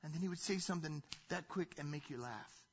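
A male pastor preaching a sermon, telling the story in an animated way that swings between loud and hushed. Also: a little high, brisk, highs cut off, a little hiss or hum.

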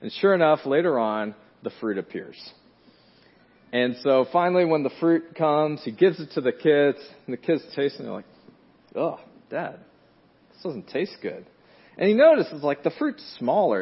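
Male preacher, husky tone, casual storytelling sermon, dull lo-fi recording. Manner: conversational, many fillers and restarts; rises loud and high in dramatic moments.

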